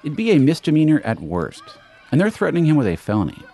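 A man's voice: fairly high pitch, huge pitch swings, fast, vocal fry, dark tone. A man hosting an investigative podcast, telling the story in scripted narration with pointed emphasis. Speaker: podcast host and reporter.

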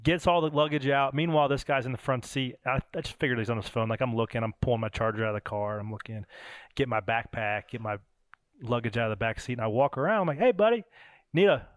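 A man hosting a podcast who is also a race driver, telling animated stories in casual chat and swearing now and then. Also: medium pitch, fast, no echo.

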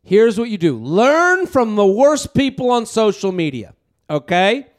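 A man hosting a podcast in casual comedic chat, animated and jokey, swearing freely and breaking into loud bits. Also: sits high, a little slow. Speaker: podcast host.

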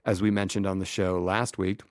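Middle-aged guy on a comedy podcast, lowish voice, dead dry sound, wry and laughing a lot. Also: little pitch movement, dry recording. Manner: wry, enthusiastic, quick to laugh. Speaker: podcast co-host. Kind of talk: casual comedy chat.

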